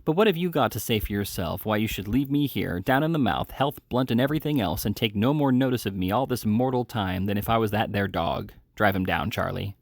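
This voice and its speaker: Gruff sullen brute in a dry read-aloud, as a man voices him; lowish voice. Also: lively intonation, brisk, hardly any pauses, no echo. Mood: surly. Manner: growling, resentful demands. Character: brutal sullen male housebreaker, sick and bitter.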